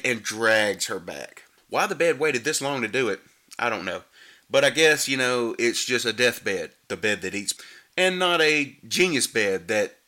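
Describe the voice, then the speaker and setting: Male comic reviewer, sarcastic and animated, bright forward tone. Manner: sarcastic, animated, mocks the acting with squeaky imitations. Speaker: movie reviewer. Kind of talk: comedic movie recap.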